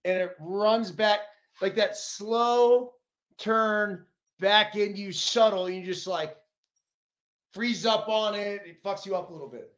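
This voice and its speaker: Male co-host with a notably high voice, breezy and salty when breaking down plays. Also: fairly even intonation, a little slow, a bit bright, echoey room. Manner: loose, profane, explains with gestures. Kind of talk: casual sports chat.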